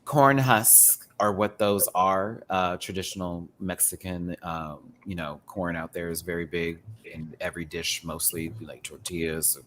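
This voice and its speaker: A man hosts a casual panel chat about runway looks. His talk is campy and animated, full of quick reactions and asides to viewers. He sounds like he is enjoying himself with friends. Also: low voice, slight background noise. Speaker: host.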